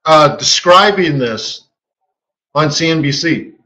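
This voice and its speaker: A man hosting a live trading webinar, telling a story in a casual, animated way and acting out quotes with a chuckle. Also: fairly high pitch, slow, low-quality recording. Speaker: forex market strategist hosting a live webinar.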